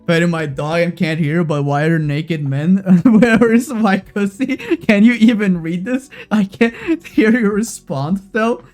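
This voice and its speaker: A live streamer giving loud, profane gaming commentary, excitable and quick to swing between giddy and exasperated. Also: mid-range voice. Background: faint background music.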